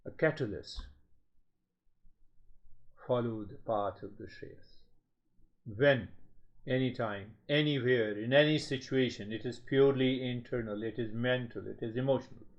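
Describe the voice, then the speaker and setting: A man giving a spiritual talk as a teacher, speaking slowly in measured, repetitive phrases. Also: mid-range voice. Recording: slightly dull lo-fi sound.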